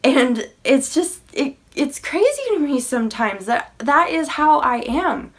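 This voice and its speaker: A woman's voice: high-pitched, big pitch swings, a little slow. A young woman talking sincerely to her viewers about faith and insecurity, in a casual way with many fillers. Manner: sincere, uses many fillers like "you know" and "like". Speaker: faith vlogger. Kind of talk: earnest encouraging talk to camera.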